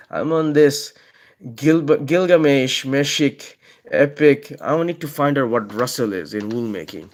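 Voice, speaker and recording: A man talking casually while drawing, rambling from tangent to tangent with plenty of swearing and chuckles. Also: mid-range voice. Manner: profane, tangent-hopping, chuckling often. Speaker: artist drawing on video.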